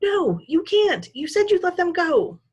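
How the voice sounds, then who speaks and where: A woman's voice: very high-pitched, big pitch swings, measured pace, darkish tone, muffled recording, pitched above the performer's own voice, exaggerated voice. A woman doing a desperate young boy. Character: boy hero, desperate and frightened.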